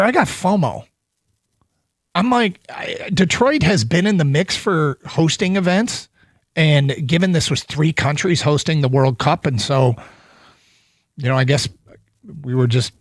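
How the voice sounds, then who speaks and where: A man's voice: a little high, no room sound, clean studio sound. Enthusiastic sports radio host man. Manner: enthusiastic, animated. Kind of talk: casual sports radio chat. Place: radio studio.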